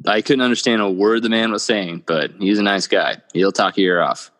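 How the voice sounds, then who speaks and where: Laid-back low-voiced man, reverberant room. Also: brisk, a bit bright. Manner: laid-back, swears casually. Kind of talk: casual chat. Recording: long reverb.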